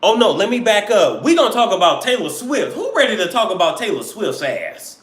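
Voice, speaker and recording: A man hosting a live-stream celebrity gossip show, animated and joking, sometimes slipping into mock accents. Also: high voice, brisk, echoey room.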